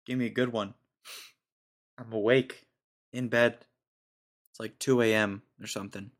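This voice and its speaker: Twenty-something guy on his podcast, kinda low voice, rambly and goofy, says dude a lot. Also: fairly even intonation, measured pace. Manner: rambling, jokey, slangy with lots of "dude". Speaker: podcast host. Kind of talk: casual storytelling monologue.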